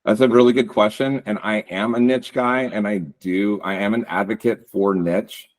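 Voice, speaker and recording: Man, very low voice, casual webinar presenter, relaxed, filler-heavy. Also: moderate pace. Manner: casual, relaxed, frequent ums and likes. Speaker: guest speaker on real estate branding.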